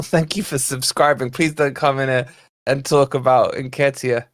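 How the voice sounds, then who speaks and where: A man's voice: medium pitch, steady tone, normal speed, no echo, studio quality. Ranting young man on a live stream. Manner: ranting, exasperated, reacting to live chat. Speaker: fan channel host. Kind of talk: live football watch-along chat.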